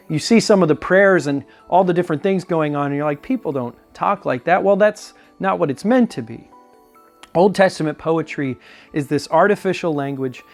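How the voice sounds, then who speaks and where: A male pastor leading an informal Bible study talk, conversational, asking rhetorical questions and restarting phrases as he goes. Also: fairly high pitch. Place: church video segment.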